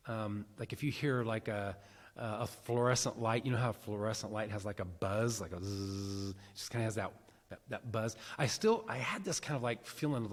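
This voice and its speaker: A male pastor preaching in a relaxed, rambling storytelling manner, with plenty of "like" and "um" between thoughts. His voice sits at an ordinary middle pitch. The sound rings with the long reverb of a large church hall. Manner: conversational storytelling with many fillers. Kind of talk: sermon.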